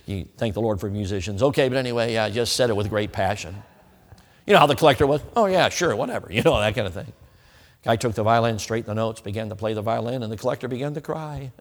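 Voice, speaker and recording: A man preaching an evangelistic sermon with an altar call, emphatic and swinging between loud and hushed delivery. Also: lowish voice, fast. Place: church sanctuary. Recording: long hall reverb.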